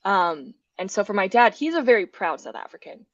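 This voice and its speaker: A woman's voice: mid-range voice, sing-song, brisk, dry recording, muffled recording. Chatty woman telling family stories. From United States. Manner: chatty, laughs often while telling stories. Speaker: guest. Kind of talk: casual podcast chat.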